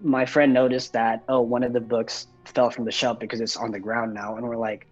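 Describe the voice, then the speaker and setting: A man's voice: medium pitch, steady tone, fairly quick, hardly any pauses, lo-fi sound, faint music behind. A young man casually telling a personal story, rambling with lots of fillers and swearing.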